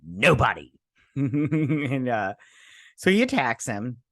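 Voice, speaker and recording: A man's voice: medium pitch, expressive, moderate pace, fairly bright tone, no room sound, clean studio sound. Rambling man recapping a show. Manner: rambling, with loose asides and mock character quotes. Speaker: host. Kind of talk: casual episode recap.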